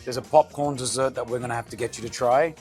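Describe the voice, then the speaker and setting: Energetic Australian man telling stories. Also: mid-range voice, fast, faint music behind. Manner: energetic storyteller, acts out quoted lines. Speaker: restaurant owner and radio host. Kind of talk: casual interview chat. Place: restaurant comedy club.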